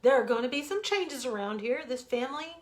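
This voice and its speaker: A woman author reading a bedtime fable aloud in an expressive, dramatic storytelling manner. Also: sits high, brisk. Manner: expressive, dramatic, warmly animated. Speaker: author reading her own stories.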